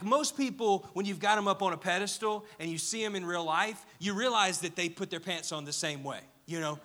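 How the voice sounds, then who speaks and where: Animated young male pastor, bright voice. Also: fairly high pitch. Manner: animated, storytelling with audience questions. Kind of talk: sermon with personal storytelling.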